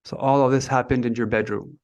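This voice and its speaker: A man's voice: medium pitch, fairly even intonation, fairly quick, darkish tone. A man hosting an interview, asking curious questions. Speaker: interview host.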